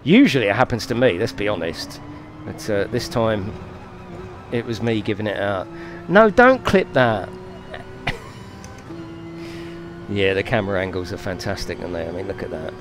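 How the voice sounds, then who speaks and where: A man's voice: lowish voice, fairly even intonation, fairly quick, over music. Sweary man streaming a race. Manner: sweary, apologetic, giggly. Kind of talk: live racing game stream commentary.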